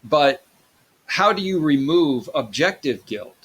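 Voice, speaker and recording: A man's voice: a little high, expressive, slow, fairly bright tone, husky. Rambling male psychology lecturer. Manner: rambling, conversational, many fillers and restarts. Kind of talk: recorded classroom lecture.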